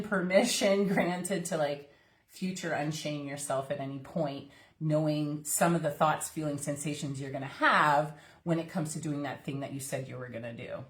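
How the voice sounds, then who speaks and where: Chatty low-voiced woman coach in an echoey room. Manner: chatty, loose, many fillers, laughs often. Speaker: coach and workshop host. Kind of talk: casual live-streamed masterclass. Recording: roomy, echoey sound.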